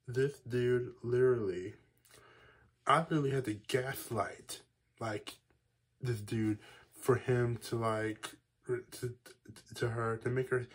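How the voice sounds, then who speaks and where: A young man telling a story to his vlog audience in a rambling, animated way, full of asides and restarts. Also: medium pitch. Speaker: vlogger. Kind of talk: casual storytelling.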